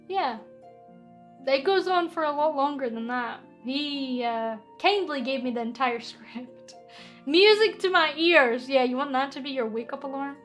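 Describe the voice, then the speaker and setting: A woman's voice: sits high, animated, moderate pace, fairly bright tone, faint music behind. A woman with a Scottish accent, chatting casually through a stream Q&A and reading viewer comments aloud with frequent giggles. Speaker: VTuber streamer.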